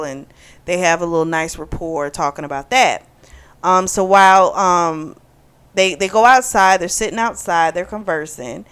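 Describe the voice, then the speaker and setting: A woman's voice: fairly low pitch, fairly bright tone, clear, resonant tone. Chatty woman reviewing a book. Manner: chatty and opinionated, with frequent fillers. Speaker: book club host.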